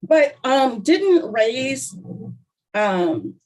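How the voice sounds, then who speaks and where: A woman's voice: high-pitched, sing-song, drawn-out words, darkish tone, poor audio. A woman co-hosting a podcast, chatting casually and filling her talk with "like". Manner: chatty, heavy use of "like", eating cookies while talking. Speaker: podcast co-host. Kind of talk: casual chat.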